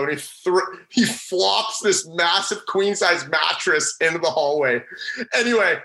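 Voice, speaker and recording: Bright-voiced young man telling a story. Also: on the high side, measured pace, vocal fry, low-quality recording. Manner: animated, acts out the voices of friends in his story. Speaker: former college hockey player. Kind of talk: casual storytelling interview.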